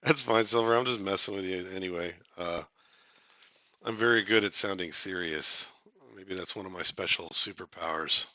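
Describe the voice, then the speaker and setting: A man's voice: low-pitched, fairly even intonation, normal speed, bright, forceful tone, no room sound. A man hosting a casual live stream, chatting with viewers in a rambling, joking way, full of fillers and restarts.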